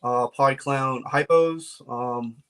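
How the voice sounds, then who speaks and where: A man's voice: medium pitch, steady tone, takes it slowly, fairly bright tone, clear, resonant tone. Laid-back man chatting with fillers. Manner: laid-back, laughs often, many fillers. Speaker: guest reptile breeder. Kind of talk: casual podcast chat.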